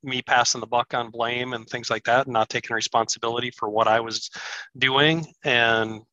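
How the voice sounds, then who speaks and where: A middle-aged man hosting a podcast interview, chatty and affirming, quick to chime in with his own experiences. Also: medium pitch, fairly even intonation, sharp tone, lo-fi sound. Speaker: podcast host. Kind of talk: casual interview chat.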